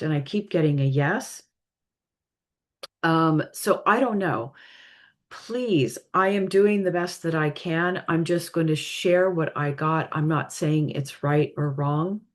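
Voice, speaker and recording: A woman giving a spiritual reading in a casual, hesitant way, apologizing often, her voice tired and straining. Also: on the low side. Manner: hesitant, apologetic, halting with many fillers. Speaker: spiritual reader.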